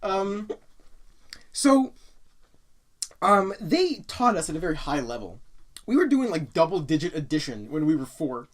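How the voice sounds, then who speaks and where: A man's voice: on the high side, very animated, unhurried, pauses often. A man hosting a casual podcast, joking around, swearing freely and reading out listener comments. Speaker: podcast host.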